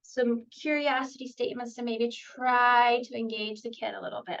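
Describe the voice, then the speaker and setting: A woman with a fairly high voice gives a relaxed, explanatory training talk, often pausing on ums. The sound is dull and lo-fi, like audio from an online meeting. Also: vocal fry. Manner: relaxed and explanatory, with frequent ums and acted-out examples. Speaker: presenter at a clinical training session. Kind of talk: conversational teaching talk. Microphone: video call.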